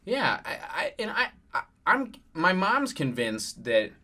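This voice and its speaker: A man's voice: sits high, wildly swooping pitch, takes it slowly, sharp tone. A young man co-hosting a podcast, telling a childhood story in casual chat, often stopping to correct himself. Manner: rambling, self-correcting storyteller. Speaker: podcast co-host.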